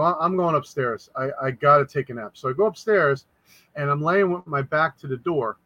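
A man, a podcast guest, telling a spooky personal story in a casual, animated way, acting out the voices of people in it. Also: fairly high pitch, no room sound, low-quality recording. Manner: animated, acts out quoted voices.

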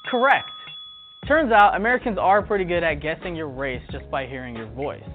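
A man's voice: a little high, fairly quick. A man narrating a scripted documentary segment in a wry, playful way. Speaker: video narrator. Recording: tinny lo-fi clip with faint music.

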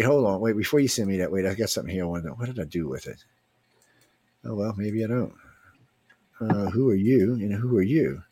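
A man's voice: lowish voice, a little mellow, no room sound. A man with a Louisiana accent hosts a casual livestream in a loose, joking way, chatting and reading comments. His voice is close and dry on the mic, with no room sound behind it. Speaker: podcast host.

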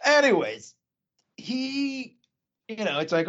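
A man's voice: high voice, sing-song, a little slow, gravelly. A man co-hosting a casual podcast, rambling through a movie plot with fillers and asides. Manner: rambling recap with fillers and laughs. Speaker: podcast co-host. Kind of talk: casual film chat, recapping plot. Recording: dull lo-fi podcast audio.

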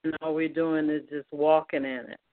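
A woman host and minister interviewing a guest on a faith talk show, affirming and asking slow-building questions. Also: low voice, little pitch movement, no echo. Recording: dry, tinny phone line.

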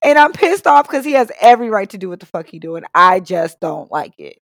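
A woman's voice: mid-range voice, brisk, creaky, dry recording, clean studio sound. A young woman co-hosting a podcast, telling a story in casual chat with lots of swearing, acted-out quotes and laughter. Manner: animated, profane, laughing storyteller who acts out quotes. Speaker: podcast co-host.

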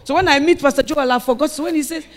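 A woman preaching with a storyteller's flair, moving from quiet recounting to loud, shouted calls to the congregation. She plays out the voices of the people in her story as she goes. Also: sits high, racing. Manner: storytelling, acting out quoted voices, rising to shouted exhortation. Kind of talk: sermon with personal story.

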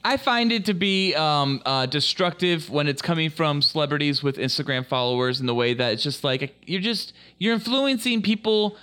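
A man's voice: a little high, lively intonation, moderate pace, few pauses, fairly bright tone, smooth. A young man co-hosting a casual podcast, steering the topics with crude, joking talk. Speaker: podcast co-host.

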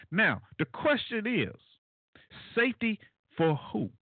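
A man hosts a call-in talk radio show, speaking through a thin, tinny phone line with a dry, close sound. His fairly high voice swings up and down a lot as he talks loosely, full of fillers and asides to listeners. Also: moderate pace, no echo. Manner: animated, conversational, frequent fillers and asides to listeners.

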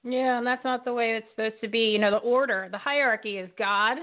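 A woman hosting a live show in an energetic, emphatic way, rallying her audience. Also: fairly high pitch, fairly quick. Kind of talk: casual live show talk. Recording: tinny phone-like line.

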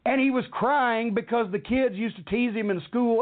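High-voiced man cursing through a tinny line. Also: normal speed. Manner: heated, cursing, rambling storyteller. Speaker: wrestling storyteller. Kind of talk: profane anecdote on a talk show. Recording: tinny phone-line audio.

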